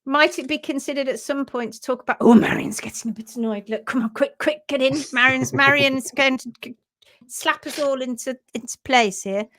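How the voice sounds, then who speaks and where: A woman's voice: high-pitched, fairly quick, few pauses, fairly bright tone. Giggly woman chatting on a live stream. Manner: giggly, playful, reading comments aloud. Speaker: hoof trimmer hosting a live stream. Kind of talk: casual live-stream chat.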